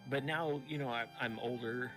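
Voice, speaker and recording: A man's voice: medium pitch, steady tone, normal speed. A male voice actor chatting as a guest, easygoing and agreeable, with plenty of fillers. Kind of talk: casual video chat. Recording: voice with music playing behind. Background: music.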